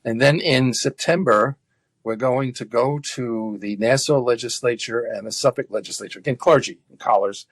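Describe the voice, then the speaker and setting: A man speaking earnestly in a conversational interview, often halting with fillers and restarts. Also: medium pitch, dry recording. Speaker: guest activist.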